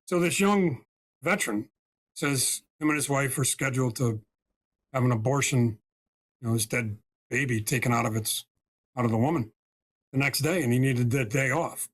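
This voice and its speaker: A man's voice: mid-range voice, normal speed, pauses often. A man from the United States telling a story as a podcast guest and spiritual healer, emphatic and often checking in with "right?" and "okay?".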